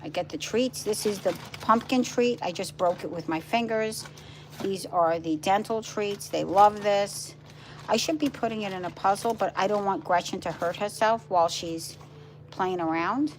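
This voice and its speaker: A woman's voice: medium pitch, moderate pace, slight background noise. A middle-aged woman chatting casually on a live stream at home, rambling and cooing to her dogs. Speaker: vlogger and pet rescuer. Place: home, indoors with pets.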